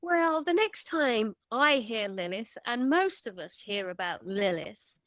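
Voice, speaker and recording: A woman guest on a podcast who tells stories with energy, piling up vivid emphatic lists. Her voice sits slightly high. The sound is close and dry. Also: expressive, a little slow, fairly bright tone, dry recording. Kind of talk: casual storytelling conversation.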